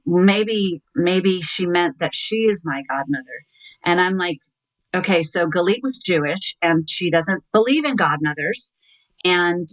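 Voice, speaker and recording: A middle-aged woman tells her story at an even, measured pace. Her voice sits on the lower side for a woman, and she often pauses on small fillers before she acts out what was said. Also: low-quality recording. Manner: measured, recounting with quoted dialogue and hesitant fillers. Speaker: interview guest. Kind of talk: telling her own story in an interview.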